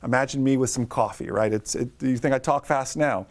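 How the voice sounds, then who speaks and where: A man teaching a live online lesson for drone pilots, talking fast and upbeat, greeting viewers by name. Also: mid-range voice.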